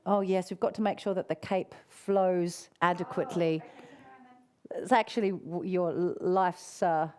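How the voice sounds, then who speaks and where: A woman's voice: on the low side, steady tone, measured pace, a little mellow. A woman hosting a live online session, effusive and encouraging, who calls her viewers darling and often gasps and cheers. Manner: affectionate, calls people darling. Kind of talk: live-streamed casual talk to viewers.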